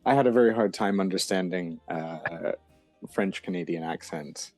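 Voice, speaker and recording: A man's voice: low voice, normal speed, darkish tone, soft background music. A man in his thirties from the eastern United States, a guest chatting casually in an interview, hesitant with many ums and restarts.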